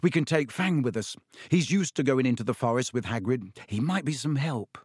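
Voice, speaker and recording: A man voicing a determined teenage schoolboy who speaks firmly and quietly in a storybook reading. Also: lively intonation, moderate pace, husky, no echo, studio quality. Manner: firm, low-key.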